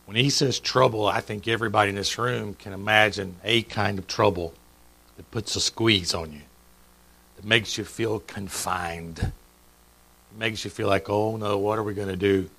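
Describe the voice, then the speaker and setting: Middle-aged pastor man preaching, gravelly voice, jokey, keeps asking the crowd stuff. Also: on the low side, fairly even intonation, a little slow, sharp tone, rough recording. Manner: conversational and joking, quizzing the congregation. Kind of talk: sermon. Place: church sanctuary.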